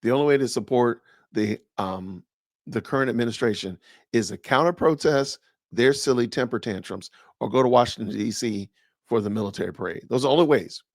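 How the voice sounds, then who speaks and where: A man's voice: medium pitch, a little fast, no room sound, clean studio sound. A man hosting a podcast, reacting to a clip with incredulous, sarcastic rhetorical questions. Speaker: podcast host. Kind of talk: reaction commentary.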